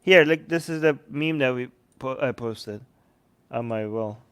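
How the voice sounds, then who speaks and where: A man's voice: medium pitch, unhurried, clean tone. A man hosting a live-stream commentary, reading news snippets aloud and reacting to viewer comments with sarcastic asides. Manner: sarcastic, mocking impressions of others. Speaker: host.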